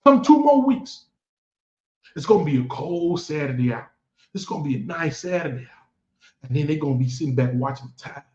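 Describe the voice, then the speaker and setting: Man, high-pitched fan vlogger, boastful and taunting; echoey room, dull lo-fi sound. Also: animated, brisk, pauses often, darkish tone. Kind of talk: trash-talking football commentary.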